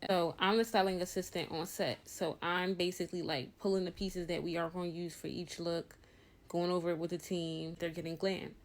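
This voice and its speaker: A young adult woman recounts something from her life in a casual, chatty storytime, speaking right to her viewers and calling them y'all. Her lowish voice is flat and moderately paced, captured on a phone with a lot of ambient noise.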